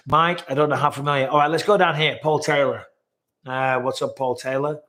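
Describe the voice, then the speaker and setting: A man's voice: medium pitch, fairly quick, fairly bright tone. A man with a northwest English accent hosting a casual live chat, reading out viewers' comments in a joking, blunt way and swearing freely. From northwest England.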